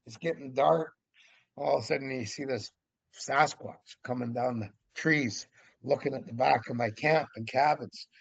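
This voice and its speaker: A man telling a story as a podcast guest, in a lively, casual way that acts out the scenes. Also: mid-range voice, normal speed, creaky, breathy edge, no echo. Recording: dull lo-fi audio.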